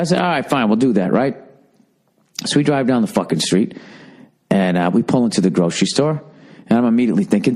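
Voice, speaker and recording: A man's voice: mid-range voice, expressive, fairly quick, a little mellow. A podcast host rambling through a comedic monologue, a man swearing constantly and acting out both sides of his arguments in exasperated retellings.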